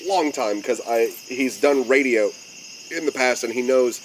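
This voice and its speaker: A man in his twenties hosting a casual podcast, easygoing and quick to laugh, with plenty of fillers. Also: medium pitch. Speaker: podcast host. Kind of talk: casual chat. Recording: steady background noise.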